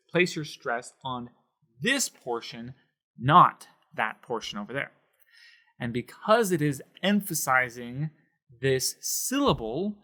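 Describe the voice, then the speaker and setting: A man explaining Spanish accent marks in a patient whiteboard lesson, slowing down to stress syllables. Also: mid-range voice, fairly bright tone. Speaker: Spanish teacher.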